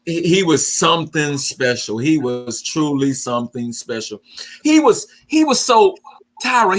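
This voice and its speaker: A man speaking as an invited poet, effusive and excitable, his voice breaking with emotion as he pays tribute on a video call. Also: on the high side. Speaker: guest poet.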